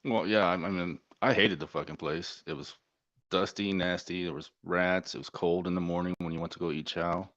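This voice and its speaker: Low-voiced man telling rough war stories. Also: fairly even intonation, moderate pace, fairly bright tone, no room sound. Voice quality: profane, laid-back storyteller. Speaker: Navy corpsman guest. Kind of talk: casual storytelling interview. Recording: dull, dry lo-fi sound.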